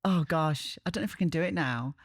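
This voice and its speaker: A woman from Barnsley speaks with a softened Yorkshire accent, her voice sitting a little low. She chats in an easy, self-mocking way, spinning anecdotes for a podcast. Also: quick pace, husky, no room sound, clean studio sound. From Barnsley, Yorkshire, England. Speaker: radio presenter, guest. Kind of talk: relaxed podcast chat.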